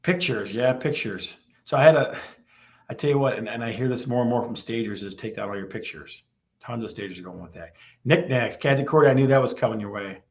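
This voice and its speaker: A man hosting a live stream, teasing viewers and repeating his questions to the chat in a lively way. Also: mid-range voice, a little fast.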